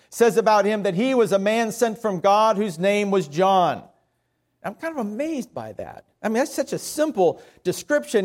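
A middle-aged man with a Southern US accent preaching a sermon as pastor, folksy and self-deprecating. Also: high voice.

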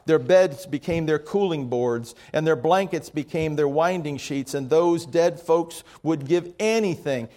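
A man reading out a stern old grandmother's warning in a lowered, hushed, firm voice. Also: natural voice.

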